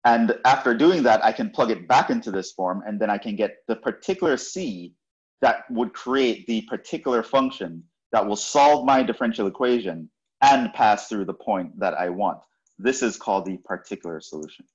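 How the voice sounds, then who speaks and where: A man's voice: fairly low pitch, expressive, normal speed, muffled recording. A man lecturing on math, explaining step by step and often checking in with "right?". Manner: explanatory, repeats points, frequent "right?" checks. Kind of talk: university lecture.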